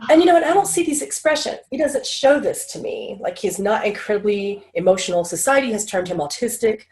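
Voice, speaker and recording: Middle-aged woman guest, casual interview, lively and animated, voices quotes higher. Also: a little fast. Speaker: interview guest, channel and medical intuitive.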